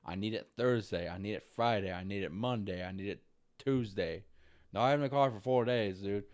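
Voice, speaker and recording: A vlogger with a fairly low, slightly mellow voice talks a little fast as he vents in a frustrated, repetitive monologue. He swears constantly and ends his lines with "dude."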